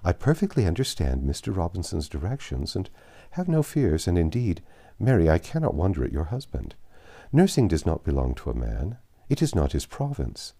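A man reading a classic novel aloud, voicing a calm, sensible woman who speaks gently and reasons with her sister. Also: low-pitched, normal speed, heavily acted. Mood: soothing.

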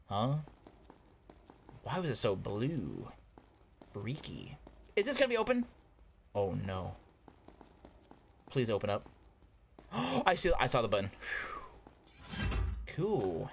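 A man talks his way through a video game in casual commentary, muttering to himself. His pitch leaps wildly at close calls and drops low when he settles. A faint hiss sits under the recording. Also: fairly bright tone. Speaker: gaming YouTuber.

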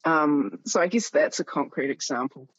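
A woman's voice: deep voice, big pitch swings, normal speed, breathy edge, no echo, lo-fi sound. A woman with a New Zealand accent, a musician and writer, chatting as a podcast guest. She tells stories with animation, laughs often and acts out the voices of the people she quotes. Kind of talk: casual conversation. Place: home in Germany near the Polish border.

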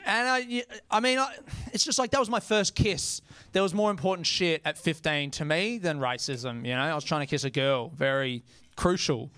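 A young Australian stand-up comedian with a slightly high, expressive, a bit bright voice performs a set on a comedy venue stage at normal speed. He's casual and self-mocking, swearing and laughing into his lines.

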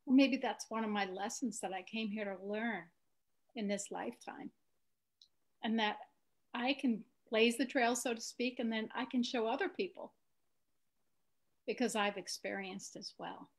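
A woman with a fairly high voice speaks calmly and earnestly. She is reflective and thoughtful, and her conversational delivery stays soft and sincere throughout. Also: normal speed.

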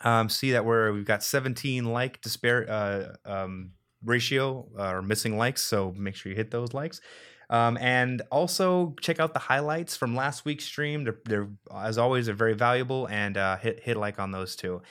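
A man hosting a live stream, relaxed and laughing easily, with many fillers. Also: medium pitch, normal speed. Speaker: host. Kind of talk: casual live-stream chat.

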